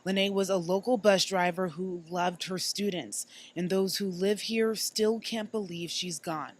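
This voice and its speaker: A woman giving a live news report from the field in a steady, clear delivery. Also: lowish voice, a little slow.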